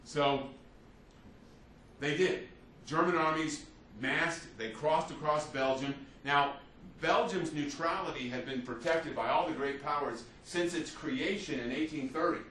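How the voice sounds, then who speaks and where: A male history teacher lectures to a class in a casual, conversational style, acting out quotes and often saying "you see" and "right?". His voice is on the high side, unhurried and a bit bright. He's off-mic in an echoey room, sounding distant, with a faint background hum.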